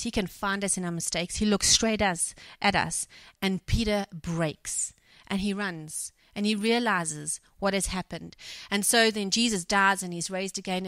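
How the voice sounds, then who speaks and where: A woman's voice: mid-range voice, fairly bright tone, no room sound. A woman preaching a sermon, reading a scripture passage and then retelling it in her own words with acted quotes, correcting herself as she goes. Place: church.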